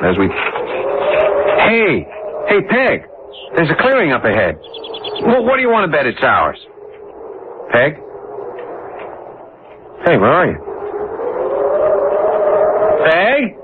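A blustering young husband, voiced by an actor talks with a lively, swooping delivery and stammers when unsure. The voice is thin and tinny, with steady hiss from an old radio broadcast. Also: male voice, mid-range voice, normal speed, natural voice. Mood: reassuring. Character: young husband, cocky but flustered. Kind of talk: 1940s radio acting.

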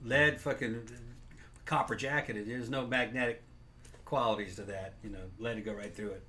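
A man's voice: mid-range voice, fairly even intonation, normal speed, sharp tone. A man co-hosting a podcast, giving blunt, profane opinions on a film in casual chat. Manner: blunt, profane, laughs at the absurd. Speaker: podcast co-host.

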